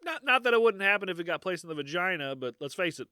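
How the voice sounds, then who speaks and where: Animated, bright-voiced man. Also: high-pitched, fast talker, smooth, dry recording, studio quality. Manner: joking, rambling, laughs often. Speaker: podcast co-host. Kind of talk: casual podcast chat.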